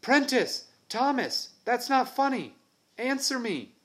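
A man's voice: fairly high pitch, animated, normal speed, voice pushed up. A man reading aloud voices a frightened boy who takes charge and calls out urgently for his lost friends. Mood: panicked shouting. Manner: urgent, shouting.

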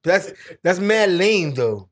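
A man's voice: high voice, sing-song, slow. A young man co-hosting a casual podcast chat, teasing his partner and launching into profane sports rants. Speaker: podcast co-host.

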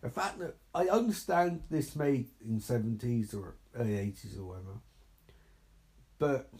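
Animated sarcastic man riffing on a movie. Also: mid-range voice. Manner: sarcastic, exasperated, swears freely. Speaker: movie commentator. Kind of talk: live movie reaction commentary.

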